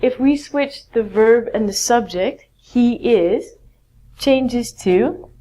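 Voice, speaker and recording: A woman's voice: a little high, slow pace, warm tone. A woman teaching an English grammar lesson, speaking patiently and encouragingly. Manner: patient, encouraging, stretches out words. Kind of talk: slow, clear grammar lesson.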